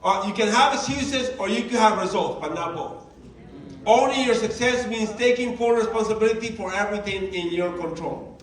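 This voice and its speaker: A man giving a motivational training talk to his team, telling lively stories and acting out the dialogue. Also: high voice, moderate pace. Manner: animated storyteller, acting out dialogue. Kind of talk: motivational speech. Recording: roomy, distant sound with faint ambience.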